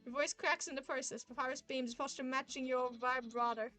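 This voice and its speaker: A young woman streams while narrating a visual novel in a quick, giggly way. Her voice is high and bright. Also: fairly even intonation, soft background music. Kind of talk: reading a visual novel aloud on a livestream.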